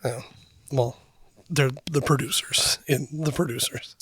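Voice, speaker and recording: A hoarse man who is losing his voice, co-hosting a podcast with goofy jokes in casual chat. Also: mid-range voice, steady tone, measured pace, fairly bright tone, no echo. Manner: goofy, joking. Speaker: podcast co-host.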